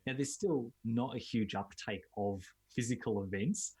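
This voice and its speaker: An Australian man, a business coach, giving relaxed, fluent interview answers with filler uhs. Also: medium pitch, moderate pace, breathy edge.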